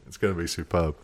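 A male podcast host with a fairly low voice. He talks in a relaxed, chatty way and tells stories with a teasing edge. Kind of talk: casual chat.

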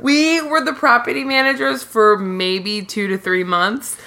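A woman's voice: a little high, level tone, unhurried, sharp tone. A woman co-hosting a podcast, retelling a TV episode's plot step by step in a chatty, casual way. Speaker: podcast co-host. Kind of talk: casual TV recap chat.

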